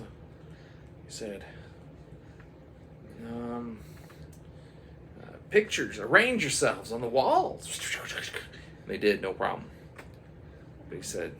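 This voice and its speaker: A man's voice: fairly low pitch, animated, a little slow, gravelly, pauses often, fairly bright tone, slight background noise. A man telling a rambling comic story, full of sound effects and put-on voices. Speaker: comedic storyteller.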